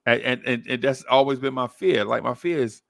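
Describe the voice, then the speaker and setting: A man's voice: mid-range voice, fairly quick, creaky, a bit bright, no room sound, clean studio sound. A man telling a story in casual chat, acting out voices and laughing often as he goes. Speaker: podcast co-host telling a story.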